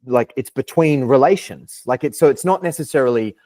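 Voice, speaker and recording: A man's voice: medium pitch, lively intonation, fairly quick, warm tone. A young Australian man as a podcast guest, talking in a thoughtful, philosophical way, hedging and restarting his sentences. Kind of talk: casual interview chat.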